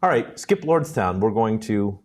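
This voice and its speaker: A man's voice: on the low side, sing-song, a little slow. A man co-hosting a casual livestream, eager and playful in banter.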